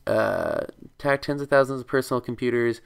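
A man's voice: mid-range voice, fairly quick, vocal fry, clear, resonant tone. A young man co-hosting a casual chat, joking around and reading text aloud.

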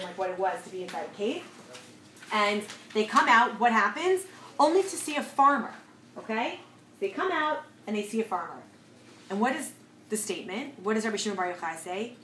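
Woman teaching a class in an echoey room. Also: medium pitch. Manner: asks the class questions, animated storytelling. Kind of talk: lively class lecture. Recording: echoey room, faint noise.

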